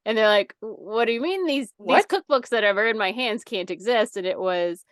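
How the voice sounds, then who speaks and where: A woman's voice: medium pitch, lively intonation, moderate pace, dry recording, clean studio sound. A woman co-hosting a podcast, telling a long story in a casual, rambling way, laughing often and using many fillers. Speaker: podcast co-host.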